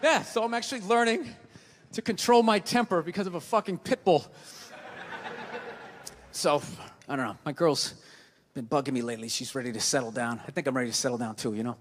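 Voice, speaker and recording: A man's voice: fairly high pitch, brisk, pauses often, slight background noise. A man with a Boston accent performing a stand-up comedy set, ranting and swearing as he acts out voices. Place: theater stage before a live audience. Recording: live theater with long reverb, faint ambience.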